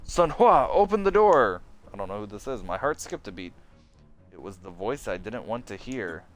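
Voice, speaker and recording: A man streaming, reading a horror story game aloud in a hushed, dramatic way and reacting. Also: deep voice, fairly quick, soft background music. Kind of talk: live-stream narration and reactions.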